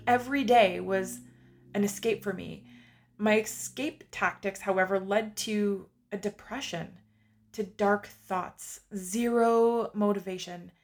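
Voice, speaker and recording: A woman in her forties telling her own story in a candid, confessional monologue with casual fillers. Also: medium pitch.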